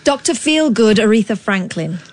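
A woman's voice: fairly high pitch, animated, normal speed, a little hiss or hum. A woman co-hosting a late-night radio show from the studio, teasing the caller in a dry way. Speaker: radio co-host.

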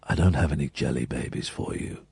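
A man imitating a tall, famous television actor, speaking slowly in a deep, hushed, kindly voice. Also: gravelly, heavily acted. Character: towering male TV actor, slow deep kindly voice.

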